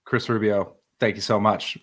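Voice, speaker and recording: A man's voice: fairly low pitch, steady tone, moderate pace. A man hosting a stream, thanking viewers and chatting playfully with friends. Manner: playful, shout-outs to viewers. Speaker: streamer and host. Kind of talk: casual chat.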